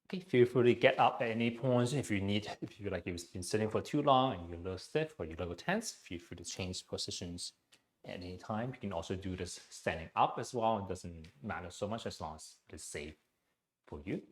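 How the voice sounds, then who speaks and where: A man leading a guided breathing exercise class into his own mic, speaking gently, with frequent "okay" and "um". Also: sits low, animated, fairly quick. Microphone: personal mic.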